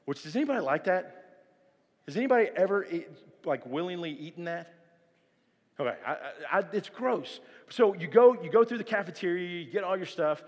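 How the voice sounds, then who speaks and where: A man preaching a casual, storytelling sermon as a pastor, often restarting his sentences. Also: a little high. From South Florida. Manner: storytelling, animated, frequent restarts. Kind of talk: sermon to a youth audience. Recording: long hall reverb.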